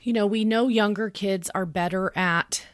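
A woman in her thirties talking in a podcast, explaining calmly and earnestly and acting out what she would say to her child. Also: medium pitch, moderate pace, dry recording, studio quality. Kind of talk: conversational podcast talk.

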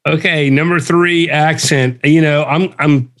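A man co-hosting a casual podcast chat, telling stories in an animated, quick way. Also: on the high side. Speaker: podcast co-host.

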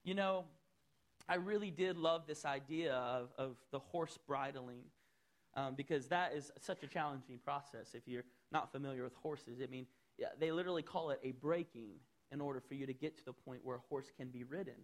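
A man preaching a sermon as pastor in a church, swinging between loud, rising appeals and soft, low asides. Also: normal speed.

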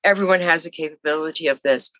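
An older woman in her seventies recounts her life in an animated, chatty way, slipping into the voices of people she quotes. Her voice is bright and forceful, recorded dry and close. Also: sits low, quick pace, dry recording. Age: 70s. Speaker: interview guest. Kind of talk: casual storytelling.

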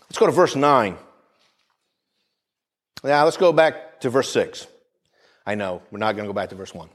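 This fervent preacher, a man with a medium pitch and lively delivery at normal speed, lets his voice surge and recede while urging the congregation to answer with amens.

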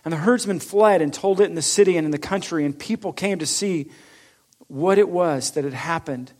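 A man preaching a sermon, reading scripture aloud with rising force and then explaining it in a lower, conversational tone. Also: normal speed. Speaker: pastor.

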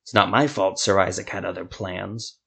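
A man's voice: low voice, steady tone, normal speed, gravelly, a bit bright, slightly rough, full character voice. A man voicing a male craftsman and sorcerer in a fantasy audio story, sounding a bit defensive.

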